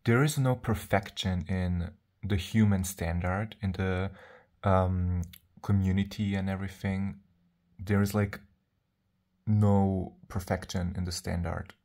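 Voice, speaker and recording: A man talks straight to the camera in a loose, rambling vlog, stopping and restarting his thoughts. His voice sits low and mellow. He sounds confident and sassy. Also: steady tone, slow pace. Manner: rambling, chatty, full of "like" and "um"; self-assured, sassy. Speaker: vlogger. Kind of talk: casual vlog monologue.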